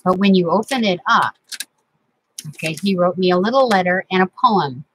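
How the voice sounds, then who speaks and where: A woman's voice: fairly low pitch, moderate pace, fairly bright tone, a little hiss or hum, rough recording. A middle-aged woman, chatting casually and sentimentally as host of a crafting vlog from her home craft room.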